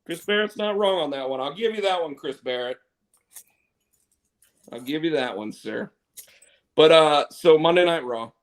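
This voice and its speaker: A man's voice: on the high side, expressive, normal speed, long pauses. A man co-hosting a casual wrestling chat show, rambling and opinionated with many restarts. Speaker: co-host.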